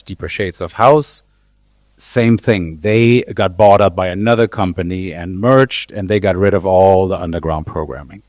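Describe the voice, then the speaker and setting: Guest role: German-born man, talkative and relaxed, low pitch, dry close sound. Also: dry recording. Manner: chatty, frequent restarts and fillers. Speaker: guest, DJ and radio host. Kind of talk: conversational interview.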